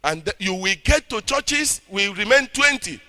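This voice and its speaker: Over soft background music, a Nigerian-accented man preaches expressively at normal speed, fervent throughout. He swings between loud shouting and low, intense speech, calling for the audience to respond.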